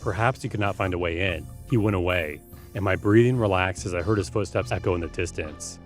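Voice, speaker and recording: Deep-voiced man narrating horror stories. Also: a little fast, faint music behind. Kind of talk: scripted narration.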